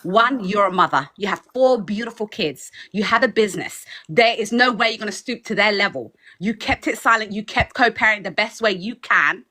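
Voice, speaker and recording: A woman's voice: medium pitch, fairly quick, hardly any pauses, bright, forceful tone. Fiery accented woman preaching support. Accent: foreign accent. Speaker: guest speaker. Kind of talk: impassioned livestream pep talk.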